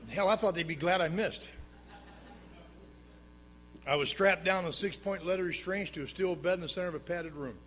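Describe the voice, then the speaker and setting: Before a live audience at a meeting, a man recounts his recovery at a moderate pace, leaving long pauses. He speaks plainly with dry humor, swinging between emphatic loud bursts and hushed low asides.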